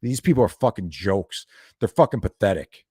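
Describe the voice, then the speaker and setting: Man, deep voice, dry close sound, angry profane rant, reaction commentary. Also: animated, normal speed, dark tone, slightly rough, dry recording. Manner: heated, profane, ranting. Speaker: reaction video creator.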